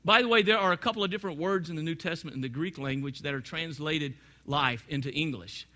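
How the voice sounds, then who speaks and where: A pastor speaks quickly while preaching directly to his congregation, swinging between quiet, low asides and loud, emphatic points.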